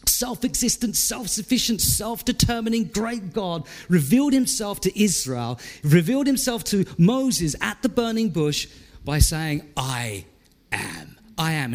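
A male pastor preaching a sermon in a conversational, animated way, asking the congregation questions. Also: high-pitched. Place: church.

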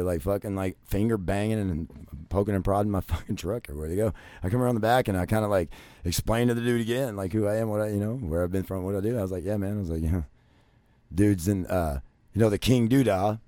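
Foul-mouthed man ranting, dry close sound. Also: no room sound. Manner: crude, swears constantly, many fillers like "you know"; swings from loud ranting to low muttering. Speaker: vlogger. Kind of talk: profane rambling storytelling.

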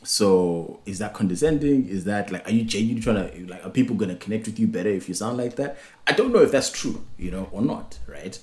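Rambling young man, low voice. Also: lively intonation, fairly quick, hardly any pauses, a little mellow. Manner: loose, rambling, many fillers and restarts. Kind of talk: casual chat.

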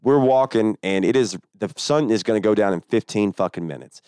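A man's voice: fairly low pitch, a little fast, darkish tone, clean tone, no room sound. A man telling a long, profane story in a casual podcast chat.

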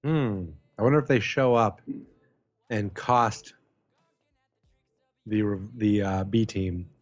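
A man's voice: on the low side, takes it slowly, no echo. A man in a mid-range voice chats as a podcast co-host, teasing his partner and doing silly bits. The sound is a bit dull and lo-fi, and faint music plays behind him. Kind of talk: casual podcast chat.

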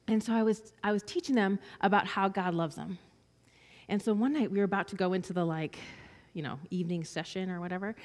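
A woman's voice: mid-range voice, long reverb tail. A woman giving a personal testimony, telling a story and acting out the voices of the children in it. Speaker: speaker sharing a testimony.

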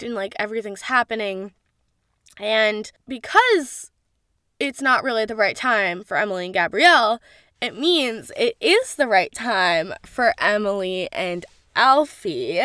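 A woman's voice: on the high side, clear, resonant tone, no room sound, clean studio sound. Chatty young woman gushing about a show. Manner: gushing, animated, heavy use of "like", swears casually. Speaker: show reviewer. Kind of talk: casual chatty review.

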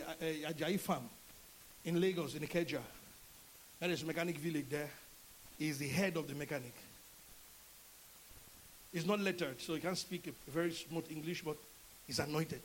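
This is a middle-aged Nigerian man delivering a sermon, his voice sitting noticeably high. He preaches with animation, dropping into little acted voices for the people in his stories. A faint hiss runs under the recording. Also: normal speed, pauses often, poor audio. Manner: animated preaching, acts out dialogue in changing voices. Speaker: pastor.

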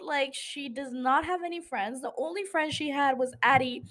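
A woman's voice: sits high, brisk, few pauses. A young woman hosting a podcast, recapping a TV episode in casual chat, swearing a lot and laughing at her own jokes. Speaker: podcast host.

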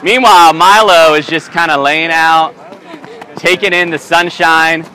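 Guy hosting a podcast outside at a camp, bright voice, kinda high, goofy asides, some background noise. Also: steady tone, rough recording. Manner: playful, joking, quick asides. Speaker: podcast host. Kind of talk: roaming casual interview at a summer camp. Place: outdoors at a camp, lawnmowers and kids nearby.

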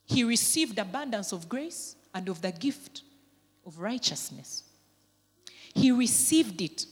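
A woman pastor preaching a sermon, with emphatic swells of intensity that drop back to quieter, conversational stretches. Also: mid-range voice, lively intonation, takes it slowly, husky, in a large hall.

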